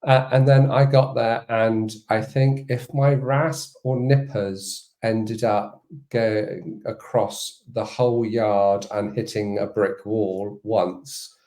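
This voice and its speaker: A man, a hoof trimmer, telling an anecdote on a live stream with halting, hesitant phrasing. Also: on the low side, fairly even intonation, a little mellow.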